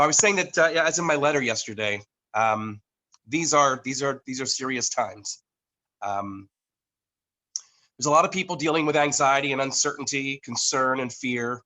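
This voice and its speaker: Bright-voiced man, halting. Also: mid-range voice, poor audio. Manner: halting, with many fillers and restarts. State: coughing from allergies. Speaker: network marketing leader presenting to a team. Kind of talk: online business meeting presentation. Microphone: computer microphone on a video call.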